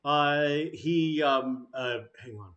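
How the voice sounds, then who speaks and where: A man narrating a tabletop game as game master, halting, with many fillers. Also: mid-range voice, a bit bright, muffled recording.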